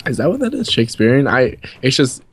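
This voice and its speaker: A man's voice: medium pitch, huge pitch swings, quick pace, a bit bright, breathy edge. A young man from New England in a casual storytime chat, rambling and swearing as he rants. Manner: rambling, profane, ranting. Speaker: co-host.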